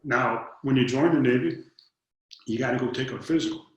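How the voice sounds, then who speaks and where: A Detroit man in his fifties, from the United States, is an interview guest telling personal stories with a medium-pitched, slightly fast voice. An earnest storyteller, he acts out the dialogue and often repeats his first words when starting a thought. The room is very echoey.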